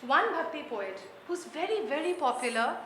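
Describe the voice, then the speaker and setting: A woman telling a folk tale to children in an animated way, questioning her audience as she goes. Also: sits high, moderate pace, slight background noise. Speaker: storyteller. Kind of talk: interactive storytelling for children. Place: performance room with an audience. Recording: roomy hall with light ambience.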